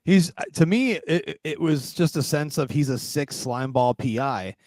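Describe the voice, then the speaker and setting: A man's voice: on the high side, moderate pace, a little mellow, dry recording. A man hosting a casual film review podcast, talking with enthusiastic, emphatic bursts. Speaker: podcast host.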